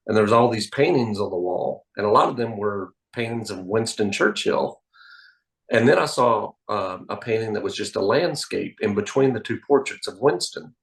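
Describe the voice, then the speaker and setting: A man being interviewed as a magician, telling anecdotes in an animated, storytelling way. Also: lowish voice, normal speed, gravelly, poor audio. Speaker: magician guest.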